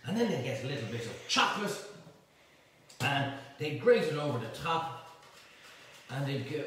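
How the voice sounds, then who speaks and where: Man, chef host, rambling jokey delivery, lively up-and-down voice, echoey room, mic far off. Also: medium pitch, normal speed, long pauses. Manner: rambling, joking storyteller with slangy asides. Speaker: chef and cooking show host. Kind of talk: live cook-along demonstration. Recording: echoey room, mic at a distance, faint noise.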